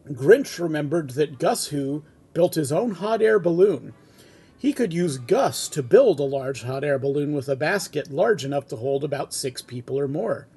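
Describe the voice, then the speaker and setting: A man's voice: a little high, mellow, slightly rough. A man reading a comic script aloud with wry asides. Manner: wry asides between read lines. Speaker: reader and narrator.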